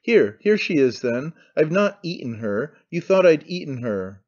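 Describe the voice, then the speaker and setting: A man reading an audiobook, voicing a domineering aging noblewoman who scolds and commands in sharp outbursts. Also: on the high side, sing-song, measured pace, lo-fi sound. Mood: frantic.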